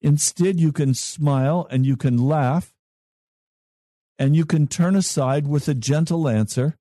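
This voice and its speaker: Pastor, male, slightly high voice, measured sermon delivery with pauses. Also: mellow, no room sound, clean studio sound. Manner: slow, measured preaching with long pauses.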